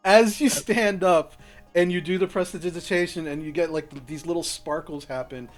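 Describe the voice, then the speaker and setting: A man's voice: a little high, normal speed, soft background music. Rambling man as game master. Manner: loose, rambling, swearing narration. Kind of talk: narrating a tabletop game.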